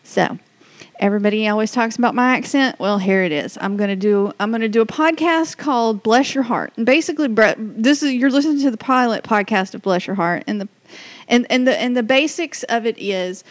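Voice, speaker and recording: On her casual, unscripted podcast, a Southern-accented woman talks fairly quickly in a higher register, rambling and restarting sentences constantly. The recording has no echo.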